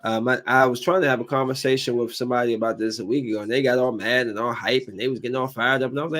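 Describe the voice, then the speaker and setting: Speaking very fast with hardly any pauses, a man at medium pitch rants on his solo podcast. He's an adult with kids, animated and casual, leaning on repeated phrases and plenty of fillers, especially "like."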